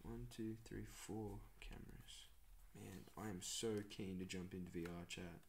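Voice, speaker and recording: A young man unboxing gear for his vlog, gushing with excitement and often dropping to a hushed whisper. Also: low voice, unhurried, slight background noise. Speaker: vlogger.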